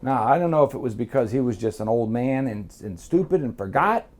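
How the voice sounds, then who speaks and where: A man's voice: mid-range voice, expressive, fairly quick. A man from Miami, telling a long story as an interview guest, swearing freely and acting out what others said. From Miami, United States. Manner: profane, rambling, acts out quotes. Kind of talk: casual storytelling.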